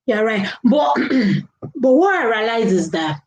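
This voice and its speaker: A woman's voice: fairly high pitch, very animated, slow, highs cut off, slight background noise. A middle-aged woman, chatting casually on a live stream, laughing often and talking to viewers. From Nigeria. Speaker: live-stream host reading viewer comments.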